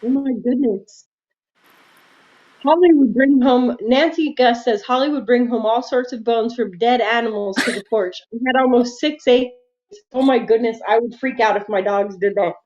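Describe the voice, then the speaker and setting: High-voiced woman hosting a chatty livestream. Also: moderate pace, a little mellow, dull audio. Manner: reads viewer comments aloud, laughs often. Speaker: livestream quilting host. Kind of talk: casual livestream chat.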